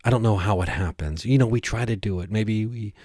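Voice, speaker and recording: Male podcast host with a low voice, dry sound, casual rambling comedic monologue. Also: brisk, darkish tone, husky, no echo. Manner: rambling, jokey, earnest.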